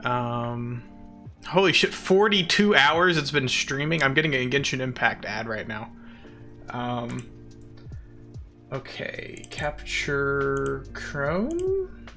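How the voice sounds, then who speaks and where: A man's voice: mid-range voice, slow pace, long pauses, bright, forceful tone, soft background music. A man chatting casually with viewers on a live stream, playful and giggly, poking fun at himself. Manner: self-deprecating.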